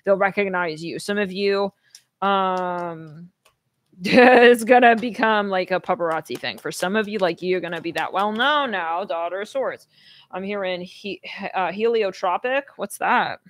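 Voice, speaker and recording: A woman's voice: lowish voice, normal speed, a bit bright, no room sound. A woman doing a casual tarot reading for viewers, talking in a rambling way full of fillers and restarts. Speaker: tarot reader.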